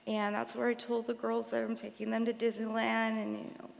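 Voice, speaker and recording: Brief: emotional daughter in her 40s at a podium, gravelly and rambling, echoing concert hall. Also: fairly high pitch, monotone, brisk. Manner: emotional, rambling, many fillers. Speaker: daughter giving a eulogy. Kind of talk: memorial tribute speech. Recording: long hall reverb.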